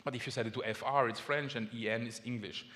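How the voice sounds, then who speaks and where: A man's voice: mid-range voice, fast. Austrian man giving a conference talk. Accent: Austrian German. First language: German. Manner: lively, friendly explaining with small restarts. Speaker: conference speaker. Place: large conference hall. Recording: long hall reverb.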